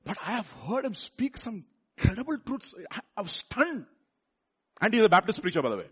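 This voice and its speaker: Telugu-accented guy preaching, high voice, lots of repeats and restarts. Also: normal speed, husky. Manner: animated preaching, rising to loud rhetorical questions; repeats words and restarts phrases. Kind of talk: sermon.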